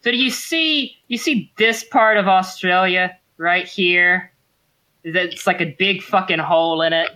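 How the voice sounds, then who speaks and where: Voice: mid-range voice, unhurried, sharp tone. A game master running a tabletop role-playing game, explaining the setting at length with many ums and restarts.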